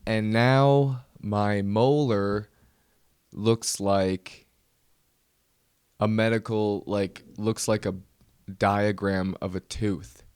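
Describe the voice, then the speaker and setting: A man's voice: lowish voice, steady tone, very slow, pauses often, darkish tone, clear, resonant tone, no echo, clean studio sound. A man hosting his own comedy podcast, ranting nervously and mocking himself. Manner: nervous, self-mocking rant. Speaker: podcast host. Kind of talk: solo comedy podcast monologue.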